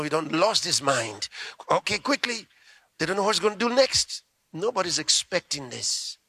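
A man preaching in a slow, deliberate storytelling sermon, acting out each voice and checking in with his listeners. His voice is gravelly and bright, set somewhat high for a man, and it is recorded close and dry. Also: no room sound. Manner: dramatic storytelling, acts out voices, asks the listeners questions.

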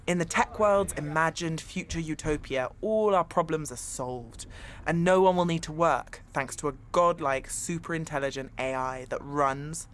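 A woman presenting and narrating a radio documentary in a measured, clear reporting voice. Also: low-pitched, a little hiss or hum. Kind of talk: scripted narration.

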